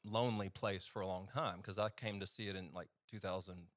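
A man's voice: sits low, steady tone, a little fast, fairly bright tone, dry recording, clean studio sound. Chatty East Texas man telling stories. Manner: chatty, self-deprecating, laughs through stories. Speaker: physician guest. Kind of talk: casual storytelling on a podcast.

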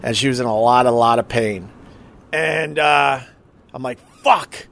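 A man's voice: medium pitch, normal speed, fairly bright tone. A man telling a personal emergency story in a casual, emotional way, swearing and acting out what others said. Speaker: husband recounting an emergency.

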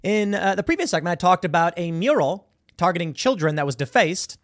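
A male commentary host with a somewhat high voice that swings up and down all the time. He talks with mocking sarcasm in a dry, close recording. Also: lively intonation, a little fast, no room sound. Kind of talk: opinion commentary on a viral video.

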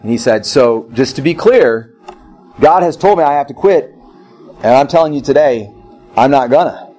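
A man's voice: medium pitch, lively intonation, moderate pace, dark tone, poor audio. A middle-aged male pastor preaching a sermon, repeating phrases and telling personal stories.

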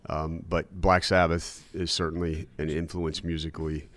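A man's voice: a bass voice, little pitch movement, moderate pace, fairly bright tone. A man talking as a guest musician, enthusiastic, swearing often and saying dude. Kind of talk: casual chat.

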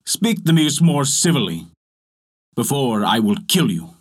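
A man voicing a haughty, vengeful giant genie who speaks in a commanding, deliberate way in a storybook tale. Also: medium pitch, very animated, slightly rough.

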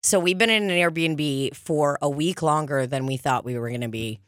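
A woman with a fairly low voice chatting loosely, her sentences rambling through fillers and laughter. She sounds close to the mic in a dry space. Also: moderate pace, no echo. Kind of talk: casual chat.

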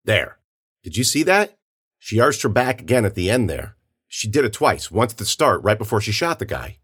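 A man's voice: lowish voice, very animated, normal speed, fairly bright tone, breathy edge, pitched above the performer's own voice, heavily acted. A man playing a blunt male investigator who speaks tersely and matter-of-factly. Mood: calm.

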